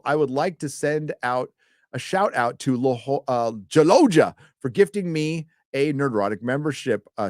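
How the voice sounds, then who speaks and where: A man with a mid-range voice hosts a live stream and reads donations, chatting loosely and casually. He swears freely and frequently trips over his words. The close, dry recording has no echo.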